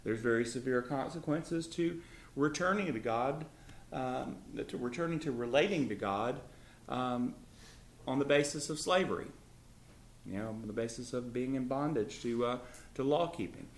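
A man's voice: medium pitch, normal speed, roomy sound, slight background noise. A man leading a Bible study, explaining and reading scripture in an earnest, conversational way. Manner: earnest, repeats words, reads scripture aloud.

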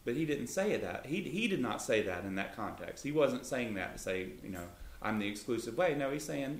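A man teaching about the Bible in a relaxed way, with his voice leaping up when he acts out quotes. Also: a little fast, few pauses, slight background noise. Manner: lively, pitch jumps up when voicing Jesus. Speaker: co-host of a Christian talk show. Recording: echoey room.

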